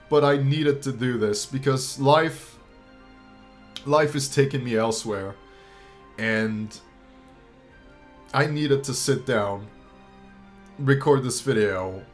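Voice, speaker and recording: A young man talks to his viewers in a voice that is choked up and close to tears. His mid-range delivery halts, trails off and restarts, with casual swearing mixed in. Faint music plays softly underneath. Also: mid-range voice. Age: young adult. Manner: emotional, halting, restarts and pauses, swears casually. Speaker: YouTuber. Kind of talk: heartfelt farewell talk to viewers.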